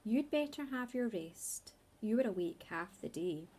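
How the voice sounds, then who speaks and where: A woman voicing a tired mother barn owl who speaks gently but firmly. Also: a little high, expressive, unhurried, slightly rough. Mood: motherly.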